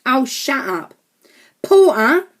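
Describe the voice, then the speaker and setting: A woman's voice: high voice, animated, moderate pace, voice pushed up. A woman reading an audiobook, voicing a grumpy, bossy young boy who speaks curtly. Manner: curt and snappy.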